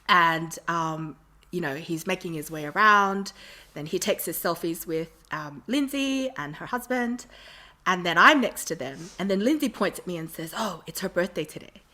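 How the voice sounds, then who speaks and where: Bright-voiced woman telling stories. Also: on the low side, a little slow. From Australia. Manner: animated, laughs often while telling stories. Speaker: podcast guest. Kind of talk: casual storytelling interview.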